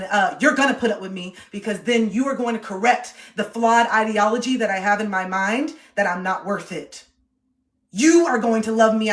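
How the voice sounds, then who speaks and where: A woman's voice: mid-range voice, reverberant. A woman giving relationship advice on a livestream, talking emphatically and repeating her points. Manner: emphatic, repetitive, acts out quoted voices.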